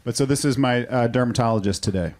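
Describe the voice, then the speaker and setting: A man's voice: medium pitch, fast, a little mellow. A man guesting on a comedy podcast, talking in a dry, hesitant way. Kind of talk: casual comedic chat.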